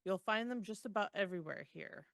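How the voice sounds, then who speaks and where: A woman's voice: mid-range voice, a little fast, creaky, fairly bright tone, no room sound. A woman reading the lines of a wry, teasing male dragon-shifter companion in a plain, dry voice. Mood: matter-of-fact.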